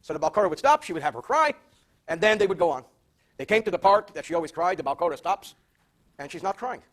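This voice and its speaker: An older man, a rabbi, teaching a Torah portion verse by verse, reading Hebrew slowly, translating, and adding dry wisecracks. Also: sits high, big pitch swings, fairly bright tone. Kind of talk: verse-by-verse Torah class with jokes.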